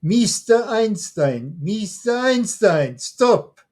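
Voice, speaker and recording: A man's voice: expressive, slow, a little mellow, heavily acted. An elderly man in his eighties voicing a pushy old grandmother who drags her grandson along, in an anecdote told during an interview. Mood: insistent. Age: 80s. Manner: shrill and insistent.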